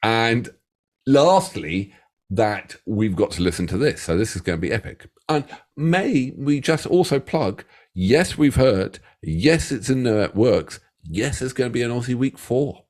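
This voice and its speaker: A man with an English accent co-hosting a reaction video, bantering and teasing in a casual, animated way. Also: mid-range voice, a little slow. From England. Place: home studio.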